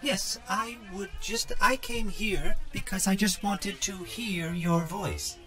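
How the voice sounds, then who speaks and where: A man voicing an old, outdated male robot who speaks in a stiff, halting, formal way. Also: high-pitched, big pitch swings, pushed and bright, faint music behind, full character voice. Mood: earnest.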